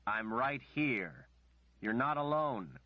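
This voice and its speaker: A man playing a desperate young man who pleads urgently and insistently, then low and calm. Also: slow pace, no room sound, dull audio. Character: desperate young man calling a woman back.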